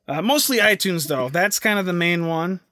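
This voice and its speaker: A young man with a high, bright voice hosts a casual podcast. He rambles, fills gaps with "uh" and restarts his sentences. The sound is close and dry. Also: animated, moderate pace, dry recording. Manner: rambling, filler-heavy, self-interrupting. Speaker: podcast host.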